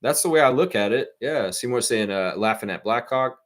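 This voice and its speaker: A man's voice: mid-range voice, a little fast. A man with a Southern accent hosting a casual live stream, rambling animatedly while reading and answering viewer comments. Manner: animated, rambling, quotes imagined voices. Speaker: livestream host.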